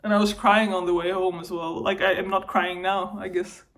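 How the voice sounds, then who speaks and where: A woman's voice: fairly low pitch, little pitch movement, normal speed, a bit bright. A young woman in a personal vlog, talking to camera while upset and venting, her voice wavering between anger and tears. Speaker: vlogger.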